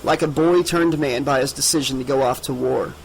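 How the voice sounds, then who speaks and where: A man reading an unabridged horror audiobook in a steady, measured way. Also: medium pitch, vocal fry, a little hiss or hum, low-quality recording. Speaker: audiobook narrator. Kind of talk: audiobook narration.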